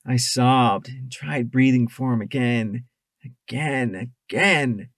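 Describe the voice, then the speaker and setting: A man's voice: medium pitch, fairly even intonation, unhurried, vocal fry, no echo. A man narrating a first-person fan audiobook in an emotive way, close to the mic. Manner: emotive, shifting from tense to hushed.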